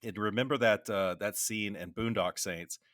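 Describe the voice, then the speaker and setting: Middle-aged vet guy on a podcast, low voice but bright edge, dry close sound, keeps restarting his sentences. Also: normal speed, no echo. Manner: rambling anecdotes with many restarts and fillers. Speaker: podcast co-host; military veteran. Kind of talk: casual conversational storytelling.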